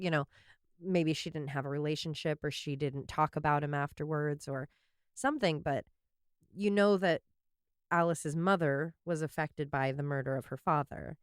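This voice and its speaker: A woman's voice: low voice, steady tone, moderate pace, smooth, dry recording, clean studio sound. A woman co-hosting a podcast, chatting casually and reflectively, often slipping into quoted voices. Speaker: podcast co-host. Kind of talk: casual chat.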